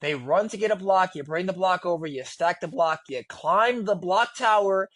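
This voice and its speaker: A man co-hosting a casual reaction podcast, talking in an animated, slangy way, his voice jumping up when he is exasperated. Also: high-pitched, moderate pace, dry recording. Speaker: podcast co-host.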